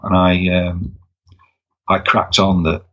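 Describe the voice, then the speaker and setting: A man working as a sports mascot, telling wry stories in a casual interview, halting with many restarts. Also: deep voice, monotone, bright, forceful tone. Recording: dull lo-fi recording.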